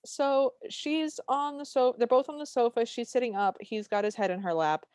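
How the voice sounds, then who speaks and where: A woman's voice: a little high, moderate pace, darkish tone, dry recording. A woman co-hosting a podcast, recapping a movie in casual chat with dry, wry humor. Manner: dry, wry storytelling with quoted lines. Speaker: podcast co-host.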